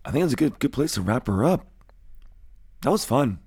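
A man co-hosting a podcast in a relaxed, chatty way, with a slightly mumbly voice. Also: medium pitch, normal speed, no room sound, clean studio sound. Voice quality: gravelly, a bit mumbly. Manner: relaxed, chatty, laughs easily. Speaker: podcast co-host. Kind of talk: casual chat.

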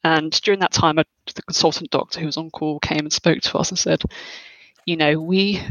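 A woman's voice: low voice, fairly even intonation, fairly bright tone, dry recording, poor audio. Hesitant, reflective young woman, dry sound. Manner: hesitant, reflective, many pauses and fillers. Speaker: guest. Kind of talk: personal interview, recounting.

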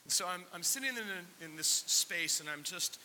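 A man's voice: high voice, lively intonation, moderate pace, bright, forceful tone. A man preaching a conversational sermon, asking the congregation questions and close to tears at times. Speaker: pastor. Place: church sanctuary. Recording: long hall reverb with faint hiss.

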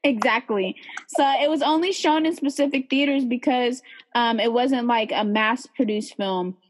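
A young woman from the Bay Area chats casually as a podcast co-host. Her talk is loose and relaxed, full of "um" and "like" as she gives her opinions. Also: on the high side, moderate pace. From San Francisco Bay Area. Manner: relaxed, chatty, many fillers and likes.

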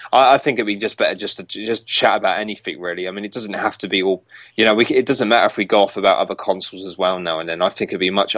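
A man's voice: on the low side, a bit bright, no room sound. A young man hosting a casual podcast, rambling a bit and chuckling as he reads out game reviews. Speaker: podcast host.

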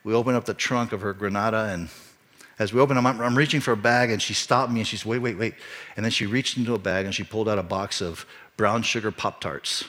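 A man's voice: lowish voice, steady tone, fast, a bit bright. A middle-aged man, a pastor, telling a personal story in a sermon, earnest and rising to emphatic peaks. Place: church.

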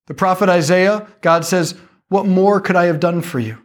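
Man, lively faith talk, slightly higher voice, casual jokes. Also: moderate pace. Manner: animated, conversational, jokey asides.

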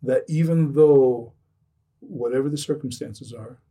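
Earnest man, mellow husky voice. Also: mid-range voice, unhurried, recorded from a distance. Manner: earnest, repeats phrases, restarts sentences. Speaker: addiction recovery speaker. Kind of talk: earnest podcast conversation.

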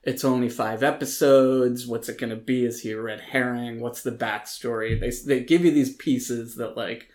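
A man talks through a TV show he disliked on a casual podcast, opinionated and animated. He fills gaps with ums and restarts his sentences. His voice sits at an ordinary middle pitch. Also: moderate pace, few pauses. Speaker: podcast co-host reviewing films and TV. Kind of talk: casual chat.

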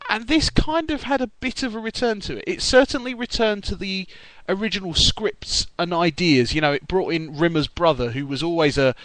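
A man's voice: on the high side, fairly bright tone, no room sound, low-quality recording. Casual male podcast co-host, rambling, self-correcting, dry close sound. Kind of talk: casual chat.

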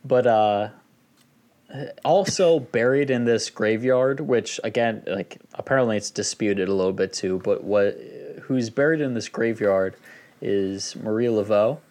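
A man's voice: lowish voice, a little slow, darkish tone. A man co-hosting a podcast in casual group chat, laid-back and rambling with many fillers. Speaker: podcast co-host.

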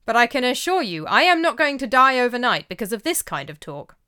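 A woman's voice: fairly high pitch, sing-song, brisk, sharp tone, clear, resonant tone, pitched above the performer's own voice. A woman voicing a bold, cheerful male shepherd who laughs off danger. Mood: scoffing. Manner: cheerful, defiant.

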